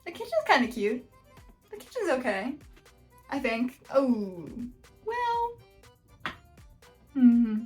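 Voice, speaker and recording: A woman's voice: high-pitched, big pitch swings, slow, long pauses, faint music behind. A woman hosting a casual reaction video, blunt and joking, with frequent exclamations. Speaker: YouTube host reacting to house listings.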